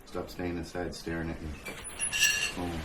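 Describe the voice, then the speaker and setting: A man's voice: low voice, monotone, measured pace, very noisy. A man hosting a casual dinner conversation at home, telling a long story in a rambling way, full of fillers and chuckles. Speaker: host. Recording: roomy room sound.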